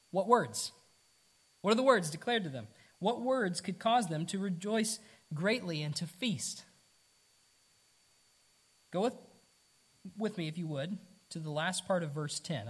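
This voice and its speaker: A pastor with a fairly high, slightly rough voice preaches a conversational sermon to his congregation. He's earnest, asks rhetorical questions, repeats himself and his words, and drops in casual asides.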